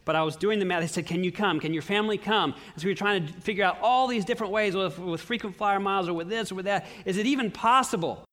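A middle-aged pastor preaching a sermon in a church, telling stories in an earnest way with lively swings in his voice. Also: fast, hardly any pauses. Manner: earnest storytelling with animated swings in pitch.

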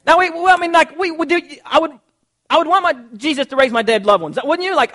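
A man preaching a sermon, reading scripture aloud and acting out quotes in a lively, conversational way. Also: very high voice, very fast. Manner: animated, conversational, acts out quotes.

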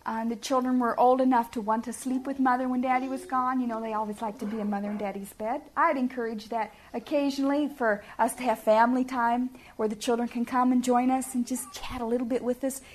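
A woman's voice: on the high side, steady tone, quick pace, hardly any pauses, slight background noise. A middle-aged woman giving a sermon-style talk to parents, earnest and homey, often putting questions to her listeners. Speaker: speaker at a family ministry talk.

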